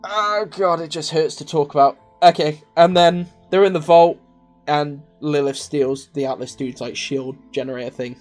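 A man's voice: a little high, fairly even intonation, normal speed, faint music behind. Exasperated young man ranting a film review. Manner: exasperated, swearing, rhetorical outbursts. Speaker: video game channel host.

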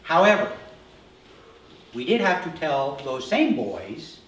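A middle-aged pastor preaches in a loose, storytelling way, slipping into the voices of his family with a grin. His voice sits a touch high for a man and rings through a very echoey church room. He is picked up from some distance, with a faint hiss underneath. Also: very animated, takes it slowly, pauses often, fairly bright tone. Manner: storytelling, acts out quoted family dialogue with humor. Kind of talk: conversational sermon. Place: church sanctuary.

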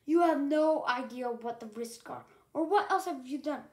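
A woman's voice: sits high, moderate pace, natural voice. A woman reading aloud and voicing a stern, bossy male elder dragon who bellows and hisses at the young. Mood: angry. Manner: bellowing, hissing, scolding.

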